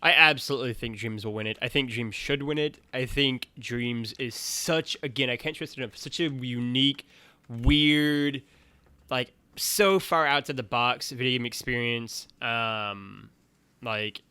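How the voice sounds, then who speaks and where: Male podcast co-host, clear bright tone, emphatic and upbeat. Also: mid-range voice, unhurried, no echo. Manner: enthusiastic, emphatic. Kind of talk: casual chat.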